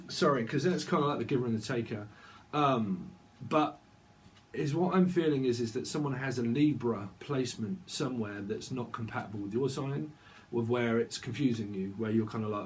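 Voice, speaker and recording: A man rambles through a channelled tarot reading, jumping from one loose association to the next. His voice sits at an ordinary middle pitch. A faint hiss of noise runs under the recording. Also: darkish tone. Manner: rambling, free-associating, sings snatches of songs. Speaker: tarot reader.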